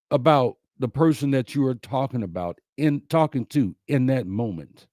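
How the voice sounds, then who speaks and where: Slow, emphatic man. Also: mid-range voice, darkish tone, no room sound, clean studio sound. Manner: slow, emphatic, repeats key lines. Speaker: host. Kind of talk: inspirational talk to a live audience.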